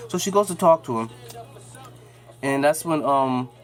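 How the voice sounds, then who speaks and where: A man's voice: animated, measured pace. A man casually recapping a TV episode, rambling with slang and fillers and acting out characters' lines. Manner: loose, rambling retelling with slang and many fillers; acts out characters' lines in raised pitch. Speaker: show recap vlogger.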